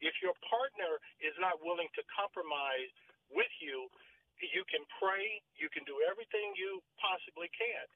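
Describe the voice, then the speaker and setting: High-voiced man on a distant phone line. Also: very animated, moderate pace. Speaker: radio show guest. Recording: distant tinny phone line with faint noise.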